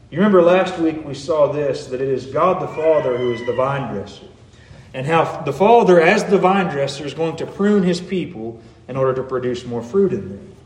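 A man's voice: medium pitch, darkish tone. A man preaching a sermon in an earnest way, his emphasis rising and falling. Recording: echoey room.

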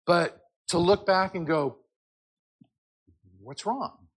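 A man's voice: high voice, slightly rough. Man teaching a casual Bible class. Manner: conversational, tag questions, reads scripture aloud loudly with drawn-out emphasis. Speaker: Sunday school teacher.

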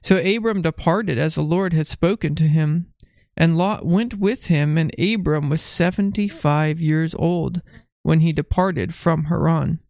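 A middle-aged father with a gravelly, creaky edge to his voice leads a gentle home devotion. He coaxes a small child along between passages and reads scripture aloud. The sound is dry and close, with little room around it. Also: on the high side, a little slow, dry recording. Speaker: father leading a family devotion. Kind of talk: casual devotional chat with Bible reading.

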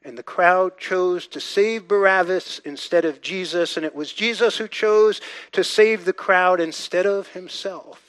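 A man delivers a sermon in a fairly high voice, hammering points through repetition. He sinks to near-hushed lines, then climbs to loud, urgent bursts. The sound is dry, with no room around it. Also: measured pace, no room sound. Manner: emphatic, repetitive, swings between quiet and loud. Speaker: pastor.

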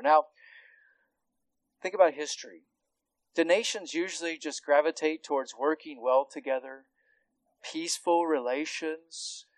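A man preaching an expository sermon, teaching earnestly with rhetorical questions and frequent restarts, his voice swelling on key points and dropping to quiet asides. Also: a little high, dry recording, poor audio. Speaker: pastor.

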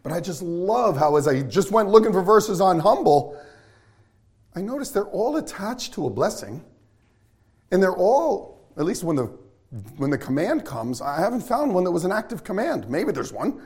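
A man preaching a sermon to his congregation, excitable and full of questions to the listeners. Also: high-pitched. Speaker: pastor.

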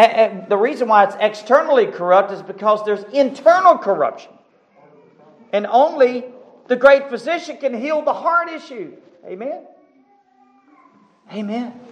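Male pastor, high voice, emphatic sermon delivery with call-and-response amens. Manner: emphatic, calls for amens, repeats phrases. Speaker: preacher.

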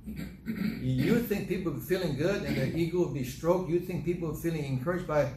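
Older male pastor, lively sermon delivery with acted-out dialogue; echoey, noisy recording. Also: on the high side, fast. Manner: animated, acts out dialogue in different voices. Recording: echoey room with noticeable noise.

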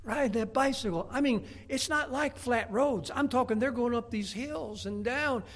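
A middle-aged man, a Baptist pastor, preaching a folksy, emphatic sermon, often stumbling over repeated words and breaking into shouts. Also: very high voice, normal speed. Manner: repeats words when starting a thought.

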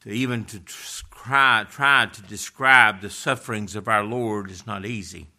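A middle-aged man preaching a sermon, swinging between loud passionate stretches and hushed, almost whispered words. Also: on the low side, measured pace.

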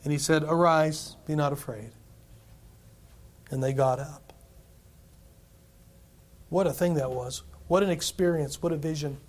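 A man preaching a sermon, reading scripture aloud and chuckling between points, with animated delivery. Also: on the high side. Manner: animated preaching, chuckles, quotes scripture in King James English. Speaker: pastor.

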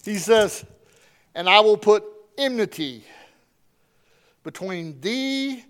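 A man preaching a sermon with strong emphasis, swinging between loud declarations and hushed asides. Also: sits high, expressive, slow pace, smooth.

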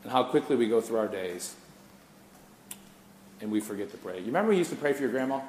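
A man preaching a sermon, his delivery swinging between hushed intensity and loud, lively storytelling. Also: medium pitch, fast, slight background noise. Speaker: pastor. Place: church sanctuary. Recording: echoey church hall.

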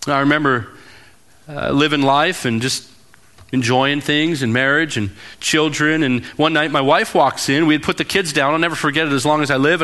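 A man in his thirties preaching a sermon as pastor, telling personal stories earnestly and dropping to a hushed tone for emphasis. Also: fairly high pitch.

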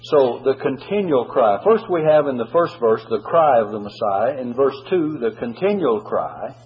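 A man's voice: medium pitch, lively intonation, dull audio. Earnest man preaching a sermon. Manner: earnest preaching, rises on scripture quotes, frequent "uh" pauses.

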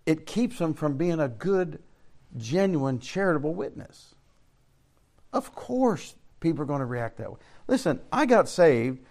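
A man's voice: a little high, a little mellow. An older man from Central Florida, teaching a Bible class in a preaching style, telling folksy stories, asking rhetorical questions and chuckling often.

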